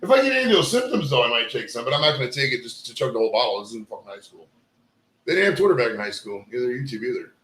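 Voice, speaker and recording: A man's voice: mid-range voice, big pitch swings, very fast, a bit bright. A man in his forties hosting a casual, joking podcast chat, rambling on. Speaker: podcast host. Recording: echoey room.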